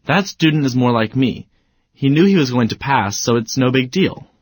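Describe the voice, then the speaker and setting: A man's voice: mid-range voice, animated, moderate pace. Playful man in a scripted lesson. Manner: playful, mock-exasperated. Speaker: student in an educational video. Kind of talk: scripted educational dialogue.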